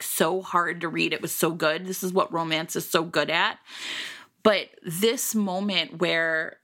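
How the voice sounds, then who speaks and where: A woman co-hosting a podcast, chatting casually about a book in an animated, rambling way with lots of fillers. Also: on the low side. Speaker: podcast co-host. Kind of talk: casual book-discussion chat.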